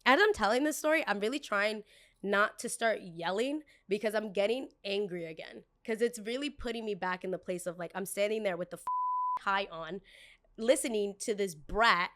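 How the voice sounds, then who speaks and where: A young woman hosting a podcast, telling a story in a casual, animated way. She acts out the dialogue and speaks bluntly, with some swearing. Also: mid-range voice, normal speed. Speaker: podcast host.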